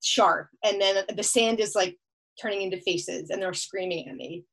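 A woman's voice: mid-range voice, normal speed, a bit bright, low-quality recording. A woman telling a long story as a podcast guest, laughing often as she talks. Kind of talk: casual storytelling.

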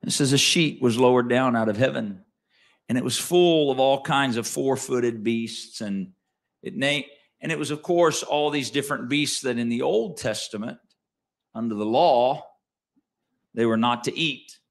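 A man preaching a sermon as pastor, swinging between quiet asides and loud emphatic lines and asking the congregation questions. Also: medium pitch, a little slow, vocal fry. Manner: conversational, asks the congregation questions.

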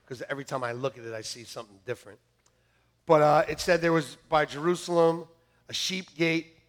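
A male pastor preaching a sermon to his congregation, telling stories in a lively way that swings from loud outbursts to quiet asides. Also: fairly high pitch. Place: church sanctuary.

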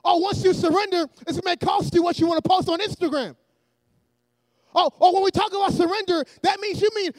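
A man preaching a sermon in a church, energetic and often shouting, with joking asides to the congregation. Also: extremely high pitch, a little fast, dry recording.

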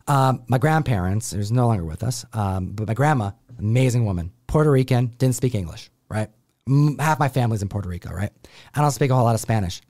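A man from Buffalo, New York, hosting a comic book show and telling a family story in casual chat, acting out the voices of his relatives. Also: mid-range voice. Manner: animated, acts out family voices.

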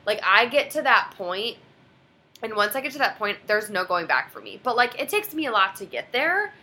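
Young woman, casual chat, lively swooping delivery, bright tone, acts out quotes. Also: mid-range voice, moderate pace. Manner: animated storytelling, quotes others dramatically. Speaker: guest telling a story.

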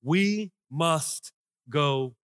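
A male pastor preaching with passion, his high voice rising into shouts and dropping to hushes. The tone is bright and forceful. The sound is close and dry, with no room echo. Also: expressive, very slow, clean tone. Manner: impassioned preaching, swinging from shouts to hushed lines. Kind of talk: sermon.

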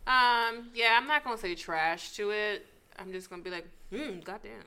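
An American woman co-hosting a casual chat, animated and swearing freely. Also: medium pitch, moderate pace, clean tone. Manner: animated, swears freely, jumps into quoted voices. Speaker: podcast co-host.

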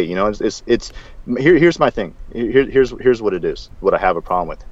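Fast-talking man in lo-fi casual chat. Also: fairly low pitch, dry recording. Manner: rambling, animated, with frequent restarts and "dude". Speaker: podcast co-host. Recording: dull, lo-fi sound.

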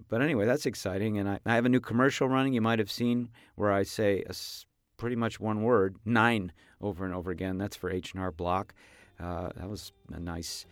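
Laid-back male host, lowish voice, chatty and rambling, faint guitar underneath. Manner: easygoing, rambling. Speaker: podcast host. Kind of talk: casual chat.

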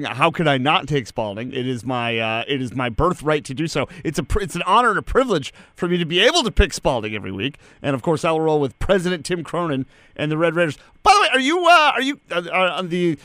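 Excitable guy on a sports pod, bright smooth voice, stammery, dry sound. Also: on the high side, dry recording. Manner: excitable, stammers, laughs a lot. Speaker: podcast co-host and sports producer. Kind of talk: casual sports chat.

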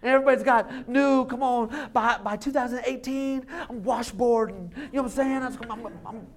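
A man preaching a sermon as lead pastor, animated and joking, acting out little voices and laughing along. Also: very high voice, moderate pace, crowd noise.

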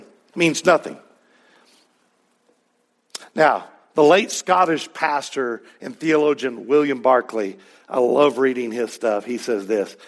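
A male pastor preaching a sermon in a conversational, emphatic way, with sudden loud peaks. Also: mid-range voice, unhurried.

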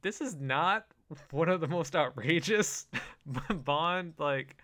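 A man's voice: a little high, lively intonation, slow pace, pushed and bright. A man co-hosting a casual podcast, easygoing and laughing often. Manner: easygoing, laughs often, many "you know" fillers. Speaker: podcast co-host. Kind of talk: casual chat.

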